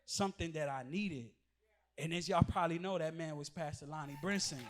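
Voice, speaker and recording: A man's voice: on the high side, a little fast, noisy background. A man giving an emotional church testimony before a gathering, speaking in an impassioned, repetitive preaching cadence.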